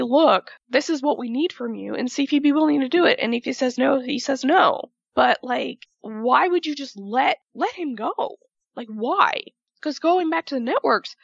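A woman's voice: high-pitched, vocal fry, dry recording, dull audio. A woman delivering an emphatic, profane rant as a wrestling fan, repeating herself for emphasis in casual commentary.

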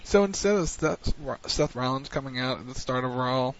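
On an internet radio show recapping wrestling, the male host chats casually and rambles with lots of fillers. His voice is mid-range at a moderate pace, and the stream sounds muffled and lo-fi.

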